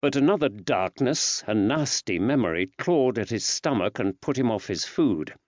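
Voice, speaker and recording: A man reading an audiobook as the narrator, in a measured, expressive way. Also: medium pitch, dry recording. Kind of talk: scripted narration. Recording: dry, slightly dull recording.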